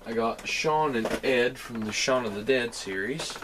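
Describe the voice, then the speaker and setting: A man's voice: mid-range voice, unhurried, background noise. Chatty Southern young man vlogging. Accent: Southern American. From Southern United States. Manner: chatty, rambling, addresses viewers as guys. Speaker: collectibles vlogger. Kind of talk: casual toy haul video.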